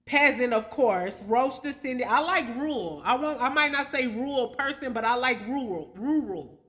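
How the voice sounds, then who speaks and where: A woman's voice: high-pitched, normal speed, a bit bright. A woman hosting a casual livestream, chatting loosely with viewers in slangy talk, chuckling often and spelling out their names letter by letter. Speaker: livestream host.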